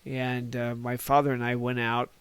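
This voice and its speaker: A man's voice: medium pitch, completely flat delivery, normal speed, clear, resonant tone. A man in his sixties from Northern California, a podcast guest telling old stories in a rambling, folksy way and chuckling at his own tales. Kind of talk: casual reminiscing storytelling.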